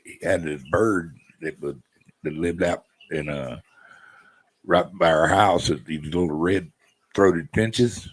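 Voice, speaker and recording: A man's voice: deep voice, rough recording. A man chatting casually with viewers on a live stream, easygoing and rambling. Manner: easygoing, rambling, laid-back.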